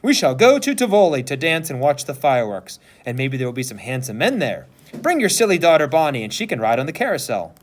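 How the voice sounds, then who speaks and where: A man voicing a friendly, practical young girl in a read-aloud story, gently persuasive. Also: mid-range voice, very animated, a little fast. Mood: kind.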